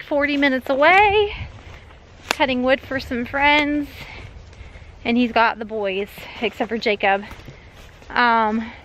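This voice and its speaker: A woman's voice: high voice, a little hiss or hum, low-quality recording. A woman with a Southern US accent vlogging outdoors on her farm, chatty and out of breath from walking. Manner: chatty, calling out loudly for animals. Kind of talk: casual vlog walking the farm.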